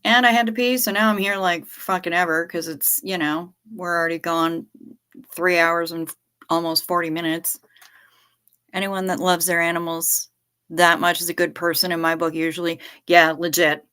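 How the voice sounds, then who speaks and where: A woman's voice: lowish voice, steady tone, moderate pace, sharp tone, clear, resonant tone. A woman hosting a livestream from home, chatting casually, rambling candidly and swearing freely. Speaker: livestream host.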